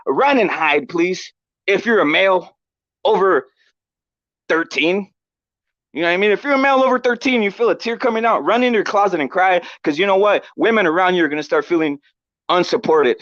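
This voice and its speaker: A man hosting a boxing commentary vlog with a lively, swooping delivery, ranting provocatively and repeating his points while tossing out shout-outs. The audio is dull and dry. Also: high-pitched, no room sound. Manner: provocative, repetitive, gives chat shout-outs. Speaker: boxing commentary channel host.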